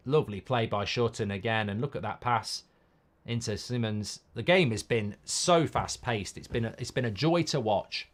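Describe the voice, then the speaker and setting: At a normal speed and in a lowish voice, a man runs a live football watchalong, reacting bluntly to the game while reading out comments from viewers.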